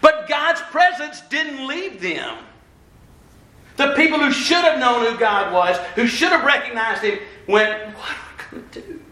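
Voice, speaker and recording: Man, pastor, animated sermon, high bright voice, roomy church echo. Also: a little slow. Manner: animated preaching, acts out quoted voices.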